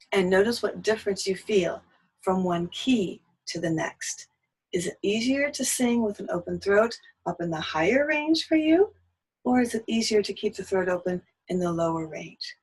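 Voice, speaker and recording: A woman teaching a singing lesson, speaking gently and breaking into soft sung lullaby phrases. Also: mid-range voice, husky, poor audio.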